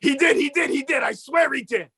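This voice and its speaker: A man voicing an excitable male puppet with a raspy, shouty voice, hollering through podcast banter. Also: extremely high pitch, brisk, full character voice. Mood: excited. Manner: yelling excited exclamations. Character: loud excitable male puppet, scrappy hustler.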